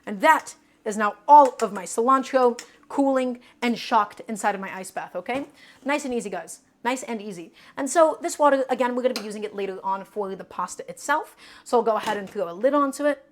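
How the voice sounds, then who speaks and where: A woman's voice: fairly high pitch, brisk. Chatty Brooklyn-raised woman teaching cooking. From Brooklyn, New York. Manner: chatty, explains each step while answering viewers. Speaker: cooking streamer. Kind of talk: live cooking stream, talking to chat.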